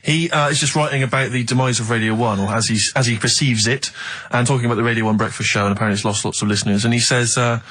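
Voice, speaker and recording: A man's voice: mid-range voice, fairly even intonation, rapid-fire, few pauses, a bit bright, poor audio. A man co-hosting a radio show, teasing with dry, mock-serious wit. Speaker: radio co-host.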